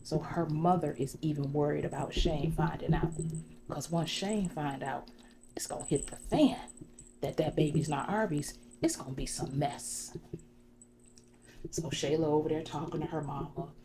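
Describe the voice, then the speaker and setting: Low-voiced woman gossiping in ASMR role-play. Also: steady tone, normal speed, crowd noise. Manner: chatty storyteller, full of "you know". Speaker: ASMR creator.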